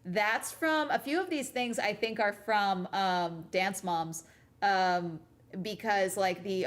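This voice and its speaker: A young woman vlogger chats casually at home after a cruise, her voice medium-pitched and unhurried. She rambles and giggles, using lots of fillers along the way.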